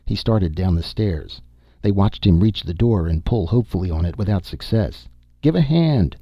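A man reading a science-fiction story aloud in a steady, even narration. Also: deep voice, moderate pace, no echo, studio quality. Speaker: audiobook narrator. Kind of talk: scripted narration.

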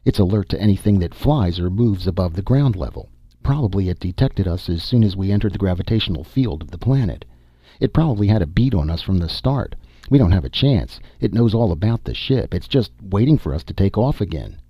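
A man voicing a calm, grim male expedition leader who explains things in a measured way, in an audiobook. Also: deep voice, slightly rough, no echo, clean studio sound, full character voice.

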